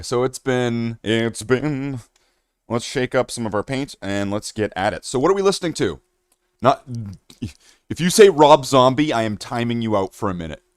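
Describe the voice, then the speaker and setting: A man's voice: mid-range voice, no room sound, studio quality. A man from Canada chatting casually on a live stream, joking, rambling and swearing.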